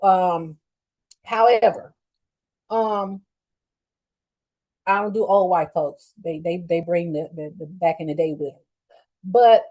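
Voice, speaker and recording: A middle-aged woman hosting a show, telling a story in a casual, blunt and profane way with lively swings in her voice. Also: medium pitch, poor audio. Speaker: podcast host.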